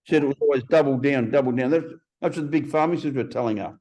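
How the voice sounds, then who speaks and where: A man in his fifties, a podcast guest telling stories in a blunt, profane, animated way. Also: medium pitch, fast talker, lo-fi sound. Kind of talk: casual interview storytelling.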